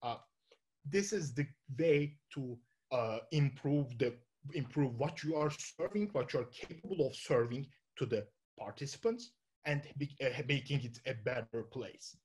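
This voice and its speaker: A man's voice: medium pitch, animated, unhurried, darkish tone. A man with a Turkish accent giving an informal talk to an audience, thinking aloud and often restarting his sentences with fillers. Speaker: conference speaker.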